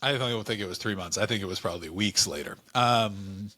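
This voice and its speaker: A man from Canada co-hosting a comedy podcast, telling stories in animated, quick asides. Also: lowish voice. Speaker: podcast co-host. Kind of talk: casual comedic chat.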